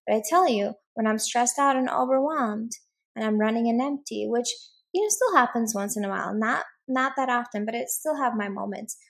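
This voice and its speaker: Husky earnest woman coaching parents. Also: on the high side, a little fast. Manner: earnest, animated, many "like"s and "right?". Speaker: podcast guest, parenting coach. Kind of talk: conversational interview.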